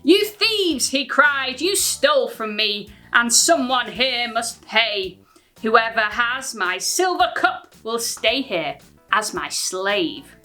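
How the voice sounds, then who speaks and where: English lady doing kids church, bouncy sing-song voice, slow and bright. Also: fairly high pitch, soft background music. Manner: lively, sing-song storytelling. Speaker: children's ministry presenter. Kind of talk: reading a rhyming bible story to kids.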